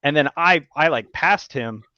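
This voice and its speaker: A man hosting a podcast, telling stories in casual chat, animated and profane, acting out what people said. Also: on the high side, a little slow, no echo, muffled recording. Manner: animated storyteller, swears a lot, acts out quotes. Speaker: podcast host.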